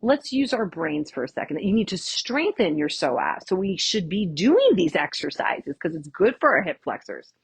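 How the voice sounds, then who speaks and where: Woman, chiropractor, workshop lecture, sassy and blunt, husky voice, dry sound. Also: lowish voice, sing-song, normal speed, few pauses, dry recording. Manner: casual, chatty with audience.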